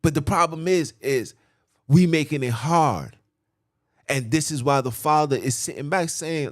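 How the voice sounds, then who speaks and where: Guy preaching hard, high voice, aave, repeats himself in rhythm, ooh-ing out loud. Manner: rhythmic, repetitive preaching with vernacular speech and sudden drawn-out exclamations. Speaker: podcast preacher. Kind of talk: impassioned sermon.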